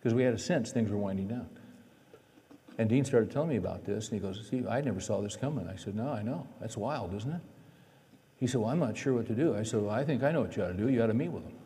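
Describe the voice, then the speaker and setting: A man's voice: fairly low pitch, lively intonation, fast talker, warm tone. A man preaching a sermon in a chatty, folksy storytelling way, acting out the dialogue in his stories. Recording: long reverb of a large hall.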